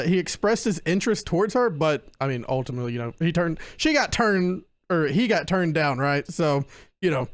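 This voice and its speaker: A man's voice: fairly high pitch, no room sound. Laid-back young man podcasting, dry sound. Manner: laughs often and stumbles over names while reading notes. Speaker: podcast host presenting a case. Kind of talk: casual podcast chat.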